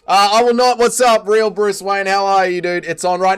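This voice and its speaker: A man's voice: high voice, level tone, normal speed, few pauses, a bit bright, clear, resonant tone, soft background music, a faint crowd. An Australian man hosting a casual livestream, greeting viewers by name and bantering with mild swearing. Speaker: livestream host.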